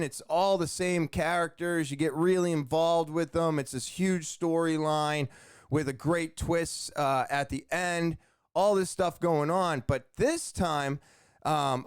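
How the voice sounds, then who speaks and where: Young guy podcasting solo, rambly funny story, kinda high voice, dry close mic. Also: smooth, no room sound. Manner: rambling, joking, many fillers and asides. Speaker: podcast host.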